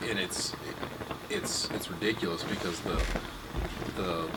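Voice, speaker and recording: A man co-hosting a casual chat, halting and repeating words. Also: deep voice, heavy background noise. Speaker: podcast co-host.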